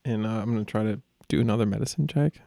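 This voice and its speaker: A man's voice: on the low side, quick pace, gravelly, mellow, no room sound, studio quality. A man playing in a tabletop game, joking and laughing with the group. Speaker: player. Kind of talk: casual chat at a game table.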